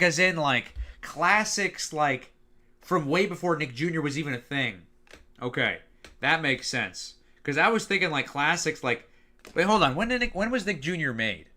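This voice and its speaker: A young man with a bright, slightly high voice chats his way through a casual reaction stream. He rambles, leans on "like" constantly, and jumps into excitable reactions. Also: normal speed.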